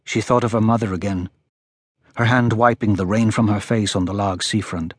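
A man narrating a crime thriller audiobook in a steady, measured, unhurried manner. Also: on the low side, husky, no echo, clean studio sound.

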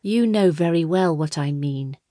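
A woman voicing a scheming male court official with a high, girlish, silky voice, in a storybook reading. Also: a little slow, mellow, no room sound, clean studio sound. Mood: menacing. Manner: silky, threatening.

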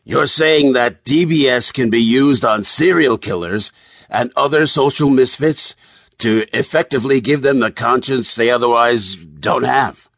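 A man's voice: mid-range voice, unhurried, gravelly, a bit bright, no room sound, pitched above the performer's own voice. A man voicing an affable male TV talk-show host who asks his questions eagerly and upbeat.

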